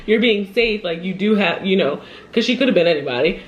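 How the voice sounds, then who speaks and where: A woman's voice: fairly low pitch, fairly quick, lo-fi sound. Upset woman telling a story. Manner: animated, upset, laughs often, quotes people. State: shaky. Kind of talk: casual storytime while eating.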